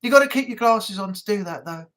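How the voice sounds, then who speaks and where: A man's voice: sits high, animated, fast talker, fairly bright tone. A man hosting a casual live chat from home, rambling and easygoing. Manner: rambling, chatty, laughs easily. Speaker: live stream host.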